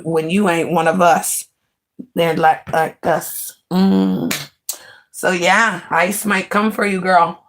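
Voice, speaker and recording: A woman's voice: medium pitch, a bit bright. A woman from the United States, livestreaming in blunt, brash and mocking casual chat.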